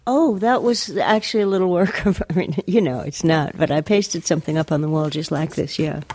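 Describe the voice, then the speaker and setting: An older woman poet talking in a radio interview, soft-spoken and hesitant, pausing often, and reading her poems aloud. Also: sits low. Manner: hesitant, soft-spoken, many pauses and fillers.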